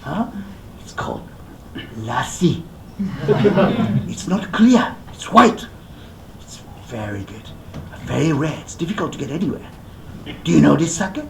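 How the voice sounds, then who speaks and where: A boastful old know-it-all in his sixties, played by a rakugo performer plays the hearty, self-satisfied host. His gravelly voice swings widely in pitch. The echo of a hall surrounds it. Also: sing-song, a little slow, pauses often, crowd noise. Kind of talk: rakugo storytelling.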